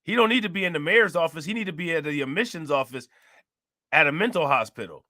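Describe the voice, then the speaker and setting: Guy reacting to a news clip, loud and laughing, kinda high voice. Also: lively intonation, quick pace, dry recording, studio quality. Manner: loud, laughing, mocking banter. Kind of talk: casual reaction commentary.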